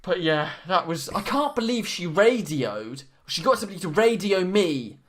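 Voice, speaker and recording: Young guy, podcast co-host, slightly higher voice, rambling, casual storyteller. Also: big pitch swings, normal speed, a bit bright. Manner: rambling, lots of fillers and restarts.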